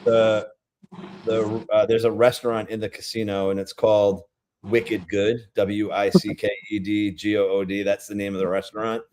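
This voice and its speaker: A man's voice: fairly low pitch, flat delivery, normal speed, a little mellow, a little hiss or hum. A man with a Rhode Island accent hosting a casual beer-tasting livestream, rambling chattily with lots of fillers.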